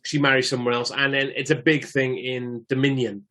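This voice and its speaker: A man's voice: mid-range voice, level tone, a little fast, pushed and bright. A man co-hosting a film podcast, trading dry, sweary banter in casual chat. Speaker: podcast co-host.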